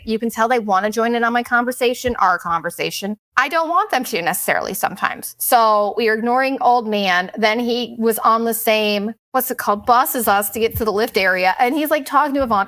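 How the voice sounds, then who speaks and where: Middle-aged woman, casual storytelling, candid and profane, fairly high voice, dry close sound. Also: brisk, few pauses, fairly bright tone, no echo. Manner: candid, profane, chatty, quotes people in put-on voices. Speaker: vlogger.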